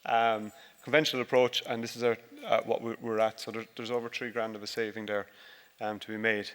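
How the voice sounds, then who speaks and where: A fairly fast dairy farmer with a lowish, flat, fairly bright voice walks a conference audience through slides about his farm. The talk is casual, humorous and self-deprecating, with long reverb from the vast hall.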